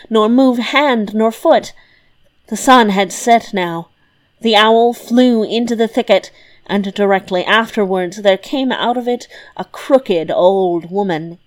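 Slow, measured woman reading a fairy tale. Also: mid-range voice. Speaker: storyteller. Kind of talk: scripted storybook narration.

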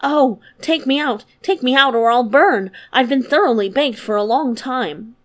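A woman doing a talking loaf of bread in a storybook, calling out in a high, loud, urgent plea. The voice sits raised and pushed, begging to be pulled from the oven. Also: normal speed, lightly acted. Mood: pleading. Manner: urgent, pleading cries. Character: baked bread loaves crying to be taken out.

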